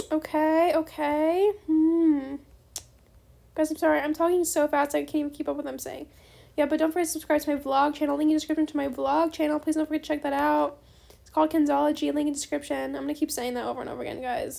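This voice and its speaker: A young woman chatting bubbly and fast while playing a game, often saying bestie. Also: high voice, gravelly, a little mellow. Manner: bubbly, fast-talking, says bestie a lot. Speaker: gaming YouTuber. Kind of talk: casual gameplay commentary.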